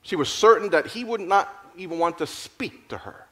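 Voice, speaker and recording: A man narrating a moral story in an expressive, dramatic storytelling manner. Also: high voice, moderate pace. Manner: expressive, lively storytelling with restarts.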